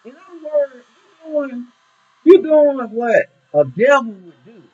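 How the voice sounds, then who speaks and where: A man's voice: very high voice, big pitch swings, a little slow. A man, a minister, talking in a preachy, emphatic way in casual discussion, repeating his points. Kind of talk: casual talk show discussion. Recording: dull lo-fi recording.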